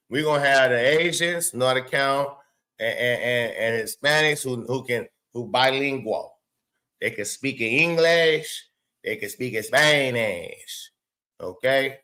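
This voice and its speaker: Loud, profane male reaction host. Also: mid-range voice. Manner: loud, profane, excitable, laughing asides. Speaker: show host. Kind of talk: casual live reaction commentary.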